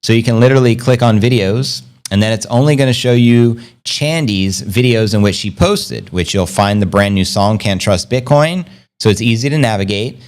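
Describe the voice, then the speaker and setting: A man hosting a casual livestream, rambling upbeat and slangy, reading out viewer comments and giving shout-outs. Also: lowish voice. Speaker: crypto livestream host.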